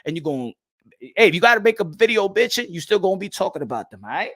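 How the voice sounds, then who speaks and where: A man ranting in a loud, profane, mocking commentary on boxing, now and then switching into Spanish phrases. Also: sits high, very animated, fast.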